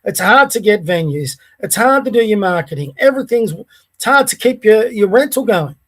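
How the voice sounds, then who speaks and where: High-pitched angry Australian man ranting. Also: animated, normal speed, a bit bright. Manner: heated, blunt, swearing. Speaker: podcast host. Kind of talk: angry political rant.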